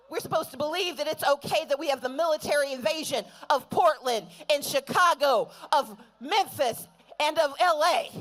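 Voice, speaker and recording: A woman delivers a stirring speech at a political rally. Her voice sits very high, and she drives the crowd with repeated call-and-response chants. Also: rough recording. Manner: rousing, building to shouted chants. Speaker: rally speaker.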